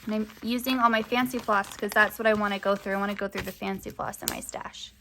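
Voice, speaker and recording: A woman's voice: medium pitch, steady tone, quick pace, gravelly, bright, forceful tone, a little hiss or hum. A young woman chatting casually to camera as a crafting vlogger, rambling with lots of fillers, her voice often rising at the ends of sentences.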